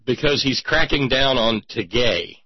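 In a dull, dry, lo-fi recording, a male talk show host rambles through casual radio-style commentary, wry and sarcastic and prone to digressions. He speaks unhurriedly in a mid-range voice with a breathy edge.

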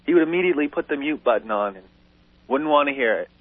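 A man calling in to a radio talk show, opinionated and animated, stumbling into restarts as he talks. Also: a little high, fast, no room sound. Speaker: caller. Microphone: telephone. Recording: tinny phone line on radio.

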